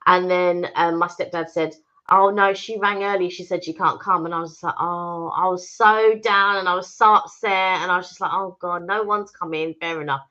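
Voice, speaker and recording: A woman's voice: fairly low pitch, normal speed, hardly any pauses. A woman co-hosting a casual live-stream chat, telling stories animatedly and acting out what people said. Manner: animated storyteller, acts out quoted speech. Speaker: vlog co-host. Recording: dull lo-fi stream audio.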